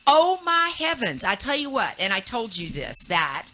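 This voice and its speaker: A woman's voice: mid-range voice, very animated, normal speed, pushed and bright, low-quality recording. A woman from Texas hosting a casual radio interview, chatty and teasing, with many fillers and restarts. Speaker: radio talk show host. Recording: AM radio broadcast with faint noise.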